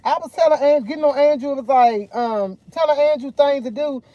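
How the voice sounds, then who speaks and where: A woman's voice: sits high, a little fast, few pauses, warm tone, no room sound. A woman chatting casually to her viewers over morning coffee, rambling and repeating herself as she tells stories. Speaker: vlogger.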